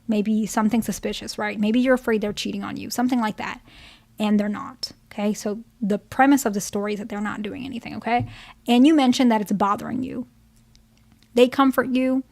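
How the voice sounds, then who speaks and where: Frank woman therapist, fairly high voice. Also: creaky, darkish tone. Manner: direct, frank, checks in with "okay?" and "right?". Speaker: therapist giving relationship advice. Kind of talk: casual advice talk to viewers.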